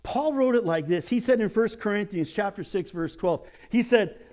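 A man preaching a sermon as pastor, telling stories and jokes with lively acted quotes. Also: high voice, fairly quick, hardly any pauses.

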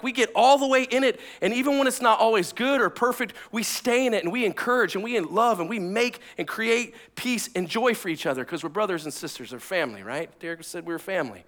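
In a high voice, a man who is a pastor and former firefighter preaches through personal stories. His energetic, conversational style alternates between booming moments and quiet asides.

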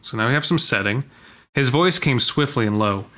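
Man co-reading a story with a friend, bright voice, hams up the lines and stops to crack jokes. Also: medium pitch, expressive, normal speed. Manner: reads lines dramatically, then jokes and comments. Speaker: co-reader of a story. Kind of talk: casual reading aloud with banter.

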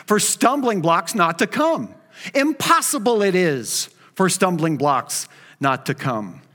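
A man putting on a small, wise, old alien master who speaks in inverted word order, slow and solemn, in a reverberant hall. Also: high-pitched, big pitch swings, pushed and bright, exaggerated voice.

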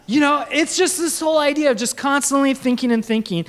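A man's voice: very high-pitched, fast talker, few pauses. A young man, a pastor, preaching a sermon to a congregation and slipping into jokey put-on voices when he quotes people. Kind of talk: sermon with comic bits. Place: church stage before a congregation.

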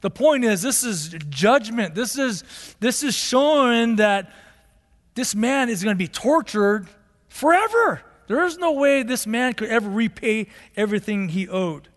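A male pastor preaching a sermon in a church, telling the story in an animated way and acting out the characters. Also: very high-pitched, measured pace. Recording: long hall reverb.

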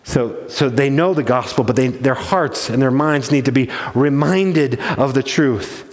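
A man preaching a sermon as pastor. He talks emphatically and slows down to stress key points. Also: medium pitch. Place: church. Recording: reverberant church hall.

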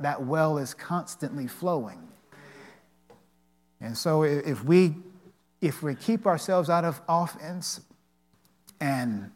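A man giving an earnest devotional talk with personal stories. He speaks haltingly, with many restarts. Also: mid-range voice, darkish tone.

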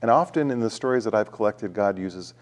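A man hosting a talk show, explaining things in a calm, teacherly way. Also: fairly low pitch, fairly quick. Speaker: host.

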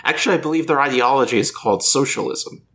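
A man co-hosting a podcast in casual chat, delivering game lore in a deadpan, matter-of-fact way. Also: medium pitch, fast talker, a little hiss or hum. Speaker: podcast co-host.

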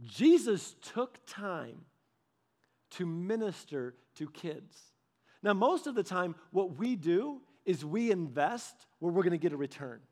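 Animated high-voiced man preaching casually. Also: takes it slowly. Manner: animated, acts out quoted voices; conversational, with filler "like" and restarts. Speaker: pastor. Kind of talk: casual storytelling sermon.

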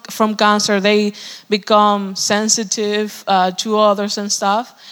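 Woman, 30s, earnest testimony, halting restarts, mid pitch, long hall reverb. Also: a bit bright. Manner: earnest, heartfelt, with frequent restarts. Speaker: guest speaker. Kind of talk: personal testimony in a church service. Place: church sanctuary.

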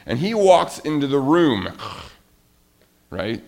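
A middle-aged pastor with a medium-pitched voice and vocal fry preaches a sermon at a slow pace. He tells a story in an animated way and speaks directly to the children.

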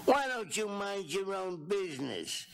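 A man's voice: high-pitched, very animated, a little slow, creaky, slight background noise, pitched above the performer's own voice, full character voice. A man voicing a mean neighborhood boy who sneers at other kids. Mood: sneering. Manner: sneering, sulky.

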